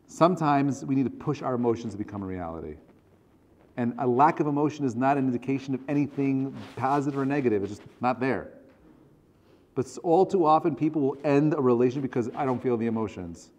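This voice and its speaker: A man's voice: mid-range voice, fast talker, a little mellow. A man, a rabbi, teaching a conversational class in an earnest, direct way. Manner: earnest and direct, acts out quoted dialogue.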